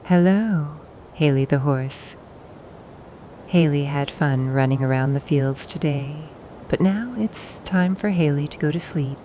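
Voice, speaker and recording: A woman with a low, mellow voice tells a gentle bedtime story for toddlers at an unhurried pace. She speaks softly and soothingly, pausing now and then for the little listener to reply. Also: a little hiss or hum. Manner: soft and soothing, pausing for the child to answer.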